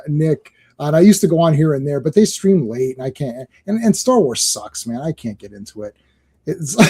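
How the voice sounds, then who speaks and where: A man's voice: a little high, husky. A middle-aged man co-hosting a podcast, telling rambling stories in casual chat and laughing often. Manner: animated, rambling storyteller who laughs often. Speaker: podcast co-host.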